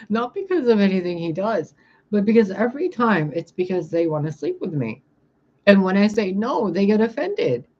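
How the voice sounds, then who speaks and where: A woman telling stories on her vlog in a casual, animated way, swearing freely and laughing as she talks. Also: mid-range voice. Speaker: vlogger. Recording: dull lo-fi recording.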